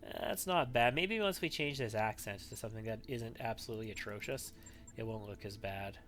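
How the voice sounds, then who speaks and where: A man's voice: fairly low pitch, fairly quick, a bit bright, faint music behind. A man hosting a let's play, thinking aloud and wavering as he makes choices in a strategy game. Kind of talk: gameplay commentary.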